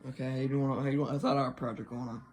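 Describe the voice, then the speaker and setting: A man's voice: medium pitch, level tone, rapid-fire, a little mellow, a little hiss or hum. A man chatting casually with a friend, cutting in with short, teasing questions. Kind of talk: casual chat.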